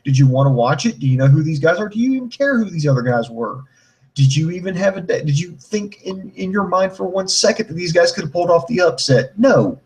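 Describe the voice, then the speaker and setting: A man in his forties co-hosting a casual wrestling review chat, rambling and profane, with a fairly high voice. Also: fairly quick, a little hiss or hum, poor audio. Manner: animated, profane, rambling, acts out mocking voices. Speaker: wrestling show co-host.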